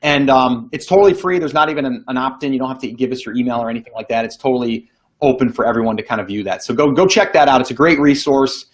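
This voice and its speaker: A man's voice: medium pitch, quick pace. A man hosting a casual live online show, chatty with lots of fillers and easy laughter, on a video call mic. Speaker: podcast host. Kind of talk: casual livestream chat.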